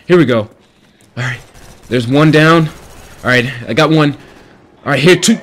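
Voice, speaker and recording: A man giving gameplay commentary, yelling and cursing in frustration. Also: fairly high pitch, a little slow, pauses often. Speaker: video game commentator.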